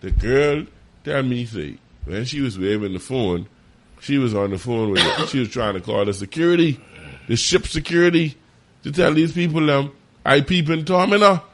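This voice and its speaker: A man telling a story in casual chat, animated and profane. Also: normal speed. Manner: animated, profane, jumps high when quoting. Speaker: podcast co-host.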